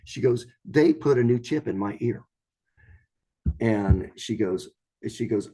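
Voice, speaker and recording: A man's voice: medium pitch, lively intonation, slow, long pauses, dark tone, husky. A man telling a true strange story in a casual, rambling way, with frequent restarts and quoted voices. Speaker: storyteller guest.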